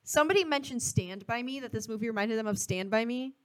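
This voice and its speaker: A woman's voice: a little high, fast talker, dry recording. A woman co-hosting a podcast in casual chat, sharing thoughtful opinions. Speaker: podcast co-host.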